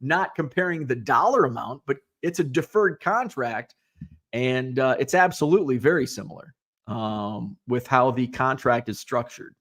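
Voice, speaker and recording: A man's voice: medium pitch, moderate pace, fairly bright tone. A man from Illinois hosting a podcast, chatting casually and rambling with lots of fillers and asides. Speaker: podcast host. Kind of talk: casual live-show chat, reading viewer comments.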